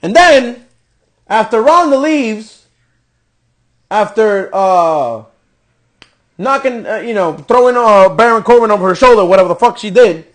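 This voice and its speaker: A man's voice: high voice, lively intonation, unhurried, long pauses. A man hosting a podcast, delivering a profane, exasperated rant reviewing a wrestling show. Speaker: podcast host.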